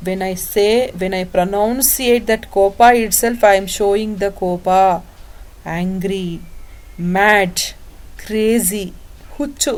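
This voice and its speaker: A woman with a Kannada accent, a native Kannada speaker, teaching a vocabulary lesson. She says each English word slowly and then gives its Kannada meaning, with small slips along the way. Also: medium pitch, a little mellow.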